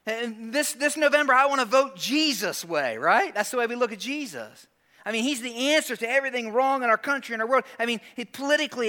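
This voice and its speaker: A man preaching a sermon in a church, animated, acting out voices of the crowd and dropping to hushed, serious asides. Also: very high voice. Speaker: pastor.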